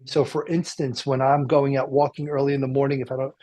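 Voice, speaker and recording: A man's voice: medium pitch, level tone, a little fast, dark tone. A man hosting a radio talk show from a car dealership, rambling and joking with plenty of fillers and restarts. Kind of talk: casual chat.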